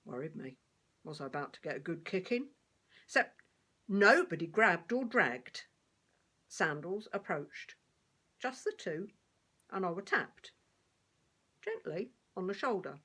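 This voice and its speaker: A woman playing a streetwise blind male beggar, telling his story in rough, colloquial speech. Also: on the low side, sing-song, measured pace, long pauses, pushed and bright, full character voice. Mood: wry.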